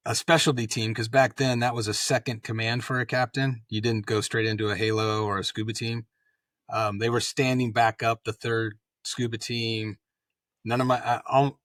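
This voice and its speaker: A man's voice: mid-range voice, no room sound. A middle-aged man, a former special forces officer, telling stories in a casual interview and acting out the dialogue. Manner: animated storyteller acting out quoted dialogue. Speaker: podcast guest, former Green Beret officer.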